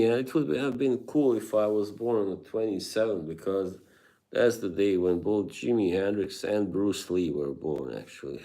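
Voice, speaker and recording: A man with a low, slightly mellow voice hosts a livestream, reading chat and talking casually with viewers. He laughs often between his remarks.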